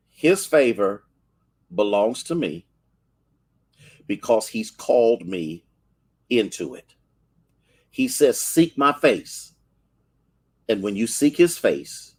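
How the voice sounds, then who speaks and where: Fervent American pastor preaching. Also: male voice, fairly high pitch, a bit bright. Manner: preaching with rising fervor, repetitions, call-outs to listeners. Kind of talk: short online devotional sermon.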